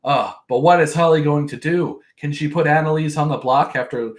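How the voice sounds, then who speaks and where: A man's voice: fairly high pitch, brisk. A man hosting a podcast, casually recapping a reality show in a rambling, profane way with joking asides. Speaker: podcast host.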